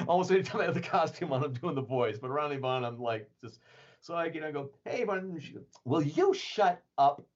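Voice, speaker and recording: This podcast guest, a man with a fairly high pitch, talks in an animated, brisk way as he rambles casually through a story, filling it with fillers and chuckles. The sound is dull and lo-fi.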